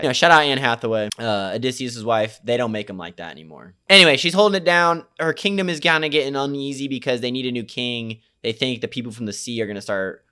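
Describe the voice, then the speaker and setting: A man's voice: medium pitch, bright, forceful tone, clean tone. A young man giving a casual, slang-heavy and profane movie recap, rambling with lots of fillers. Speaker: movie reviewer.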